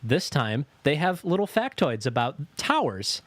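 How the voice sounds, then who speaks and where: A man's voice: a little high, a little slow, dry recording. A man co-hosting a podcast, telling stories in casual chat, swearing often and acting out the voices of the people he quotes. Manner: profane, animated, acts out quoted voices. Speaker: podcast co-host.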